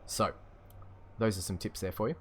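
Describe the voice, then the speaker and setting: A young Australian man with an Australian accent casually answers stream chat, chatty and laid-back and chuckling often. His voice is lowish and a bit bright with a steady tone at normal speed, and there's a little hiss or hum.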